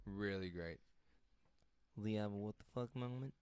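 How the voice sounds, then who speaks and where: A man's voice: fairly low pitch, takes it slowly, a little mellow, clean tone. A man co-hosting a podcast in casual chat, joking around and swearing freely. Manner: jokey, playful, swears casually. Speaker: podcast co-host.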